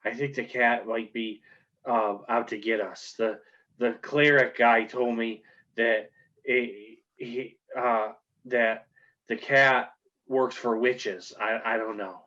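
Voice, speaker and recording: Groggy rambling village woman done by a man, slow drowsy talk, dull lo-fi sound. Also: medium pitch, steady tone, bright, forceful tone.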